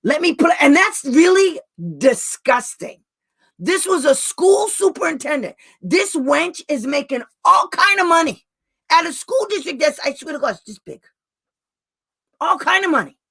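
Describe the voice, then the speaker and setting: A woman's voice: high voice, expressive, a little slow, gravelly, fairly bright tone. A woman special education advocate talking to parents in a blunt, angry rant, raising her voice at times and laughing between outbursts. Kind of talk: heated live talk to parents.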